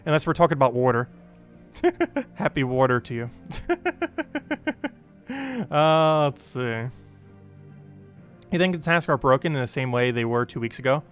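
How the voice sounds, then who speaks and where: A man's voice: a little high, very animated, unhurried, pauses often, fairly bright tone, soft background music. A young man with a New Jersey accent hosting a casual gaming livestream, rambling with lots of fillers and frequent laughs.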